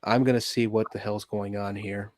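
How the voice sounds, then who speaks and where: A man's voice: on the low side, flat delivery, moderate pace, a little mellow, dry recording. A man hosting a casual gaming livestream, swearing freely and laughing often as he reacts to game trailers and fights his computer. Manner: profane, laughs often, grumbles at tech trouble.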